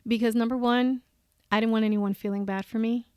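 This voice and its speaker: A woman with a fairly high, smooth and resonant voice tells her stories as a podcast guest. She is animated, laughs often and acts out her own quoted thoughts. The recording is close and dry. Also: fairly quick, no echo. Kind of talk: candid conversational storytelling.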